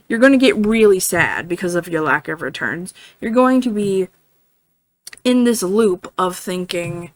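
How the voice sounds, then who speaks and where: A woman's voice: medium pitch, expressive, slow pace. A woman giving a casual tarot reading in a chatty way, full of fillers, often checking in with "right?" and swearing now and then. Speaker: tarot reader.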